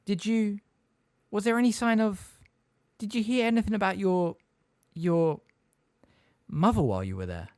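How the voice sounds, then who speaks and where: An anxious, clever teenage girl, as a man reads her in an audiobook, hesitant and earnest. The voice is pitched well above his own and swings about, in a dry, close recording. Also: lively intonation, normal speed, long pauses, a little mellow, clean tone, no room sound. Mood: nervous. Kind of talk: audiobook character reading.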